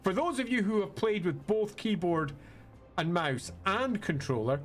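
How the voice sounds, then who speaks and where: A British man doing let's-play commentary, chatty and playful, with frequent self-mocking asides. His voice sits fairly high and bounces expressively between words. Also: lively intonation, unhurried, faint music behind. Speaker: streamer.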